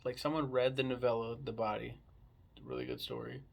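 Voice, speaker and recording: A man's voice: mid-range voice, flat delivery, fairly quick, creaky. A man casually chatting about a book he read, rambling and swearing freely. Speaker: book reviewer. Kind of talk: casual book review chat.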